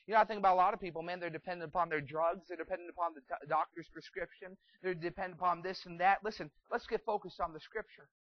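A man delivers a sermon in a high voice, emphatic and rambling, with frequent restarts and fillers. The recording is dull and lo-fi, with a dry sound. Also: fairly even intonation, quick pace, few pauses, no room sound. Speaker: preacher.

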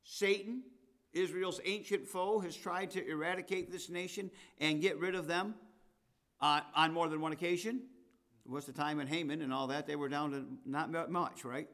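A man preaches a sermon, reading scripture aloud. His voice sits a little high for a man. He hammers his main points and then slips into soft, offhand remarks. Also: fairly even intonation, moderate pace. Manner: emphatic, rising to loud declarations and dropping to asides.

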